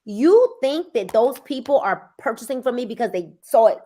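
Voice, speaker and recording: A woman sales coach in casual motivational talk, emphatic and repeating phrases for effect, sometimes breaking into loud urging. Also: a little high, animated, moderate pace. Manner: bursts into loud urging at times.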